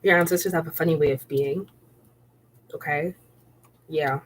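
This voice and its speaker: A woman's voice: deep voice, fairly even intonation, moderate pace, slight background noise. A woman giving a casual spiritual tarot reading. She talks in a chatty, repetitive way, keeps checking in with the listener and laughs often. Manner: laughs often while speaking. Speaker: tarot reader.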